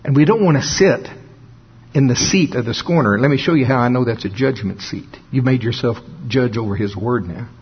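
A man preaching a folksy sermon, often laughing and slowing down for dramatic emphasis. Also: mid-range voice, slight background noise. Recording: dull lo-fi sound.

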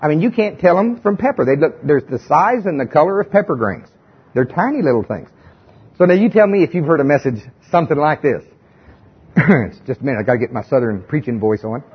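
Male preacher, high husky voice, chatty but emphatic sermon, dull lo-fi recording. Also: animated, fairly quick. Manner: conversational, emphatic, asks the audience questions.

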